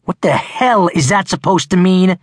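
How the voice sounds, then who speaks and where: A bullying, impatient teenage boy who barks his taunts, as a male audiobook narrator voices him. The voice is husky and slightly breathy. It sits close and dry, with no room around it. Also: on the low side, animated, takes it slowly, no room sound, heavily acted. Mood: taunting. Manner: taunting, barking. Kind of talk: audiobook character voice.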